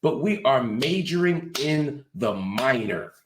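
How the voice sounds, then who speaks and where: Against background noise in a reverberant space, a man hosting a show speaks slowly and expressively in a mid-range voice. His political commentary is emphatic and lecturing, full of rhetorical questions, casual profanity, colloquial talk, and repeated "right?" tags.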